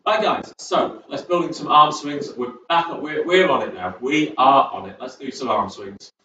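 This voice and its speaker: A man's voice: medium pitch, moderate pace, pushed and bright. A young man coaches a seated exercise class in a chatty, encouraging way, drifting into rambling asides. He sounds distant from the mic in an echoey sports hall, and the recording is dull with a faint hiss. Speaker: fitness instructor. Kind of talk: chair exercise class instruction. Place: community sports centre.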